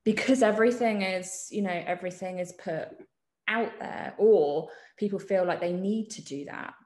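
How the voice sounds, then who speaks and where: A woman journalist answering interview questions in a thoughtful way, often pausing with ums and restarting her sentences. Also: medium pitch, darkish tone, echoey room. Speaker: journalist guest. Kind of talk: reflective conversational interview.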